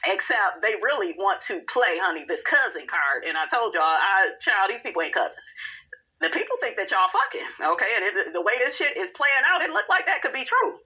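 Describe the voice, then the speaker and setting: A woman's voice: mid-range voice, sing-song, a little fast, muffled recording. A woman hosting a podcast, giving sassy, blunt and profane commentary and calling her listeners honey and y'all. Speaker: podcast host recapping a reality show. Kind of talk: casual commentary.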